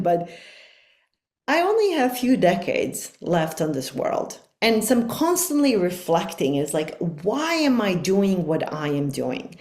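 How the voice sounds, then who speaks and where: A woman's voice: medium pitch, darkish tone, roomy sound. A middle-aged woman speaking as a life coach guest on a podcast, talking in an earnest, reflective and emphatic way. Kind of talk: podcast conversation.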